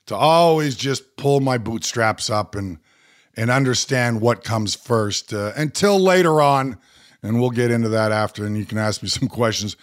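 A man from Canada, a guest in an interview, telling candid stories and laughing now and then. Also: mid-range voice. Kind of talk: storytelling interview.

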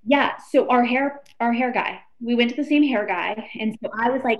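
A young woman from Texas tells her story in a casual chat. Her voice sits a little high, and she acts out her friends' lines with lively little voices. The recording sounds a bit muffled and lo-fi. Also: normal speed, hardly any pauses, slight background noise. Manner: animated storyteller who acts out quoted friends. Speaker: guest, former reality show contestant.

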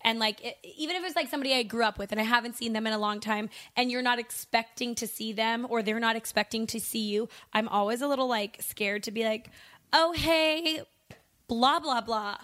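A woman co-hosting a casual podcast chat, animated and exclamatory, laughing often. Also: a little high, quick pace, few pauses. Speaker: podcast co-host.

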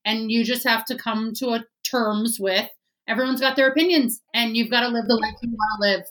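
A woman's voice: a little high, a little fast, low-quality recording. A woman in a casual conversation, telling an anecdote with animation and acting out what others said. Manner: animated storytelling, acts out quotes.

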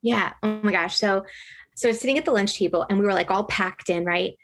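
A woman's voice: mid-range voice, brisk, over music. A woman chatting casually and telling a story with lots of energy. She fills her talk with fillers and keeps checking in with tag questions. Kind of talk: casual conversation.

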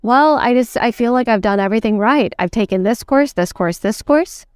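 A woman playing a struggling, frustrated female salesperson who talks in a halting, self-doubting way in a sales training role-play. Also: fairly high pitch, animated, clear, resonant tone, no room sound, clean studio sound, close to an everyday voice.

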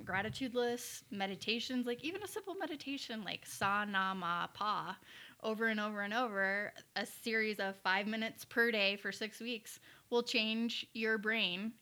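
A woman talks on a podcast with a bright, forceful voice. She is eager and chatty, and she strings her stories together in long, run-on bursts. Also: medium pitch, moderate pace. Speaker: podcast guest. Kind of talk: casual conversation.

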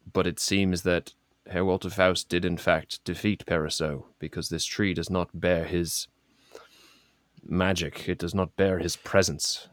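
A man's voice: low-pitched, no room sound, studio quality. A man playing an earnest male adventurer in a tabletop role-play, speaking in a solemn, formal way as he explains things.

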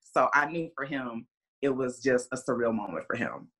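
A middle-aged woman, mother of a football player, tells stories casually as a podcast guest, acting out quotes with lots of fillers. Her voice is bass-low yet a bit bright and husky, expressive, at normal speed.

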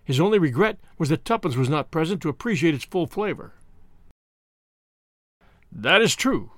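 A man reading a novel aloud as narrator, with expressive storytelling on a close studio mic. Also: a little high, fast, no room sound. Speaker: audiobook narrator. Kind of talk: scripted narration.

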